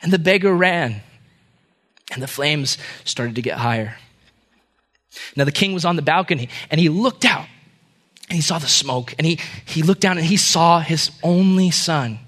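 A male preacher tells a parable in a sermon with dramatic storytelling. His voice sits noticeably high for a man. He narrates with rising and falling intensity. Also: moderate pace, fairly bright tone.

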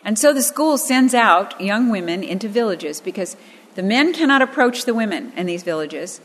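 A woman's voice: medium pitch, expressive, moderate pace. Earnest woman teaching the Bible in a reverberant hall. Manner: earnest, storytelling, emphatic on key phrases. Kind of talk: expository Bible teaching with personal stories.

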